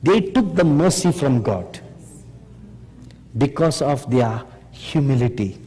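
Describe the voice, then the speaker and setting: Slow emphatic male preacher in a hall. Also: medium pitch, expressive, warm tone. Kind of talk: sermon. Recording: long hall reverb.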